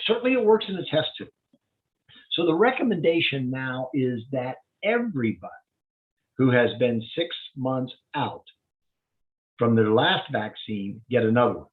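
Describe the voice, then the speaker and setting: Brief: male doctor presenting slides, plain-spoken and explanatory, with an animated, rising-and-falling delivery, heard over a narrow phone-like video call. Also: medium pitch. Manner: plain-spoken, explanatory, walking through data step by step. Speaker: physician giving a public health update. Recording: tinny phone-like line.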